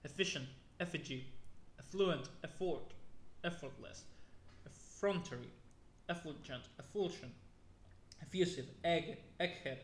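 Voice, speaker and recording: A man's voice: fairly high pitch, measured pace, slight background noise. A young man reading a long list of words aloud one by one, stumbling and restarting now and then, sounding weary. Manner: plodding word-by-word reading with restarts and weary asides. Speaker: YouTuber. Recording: echoey room.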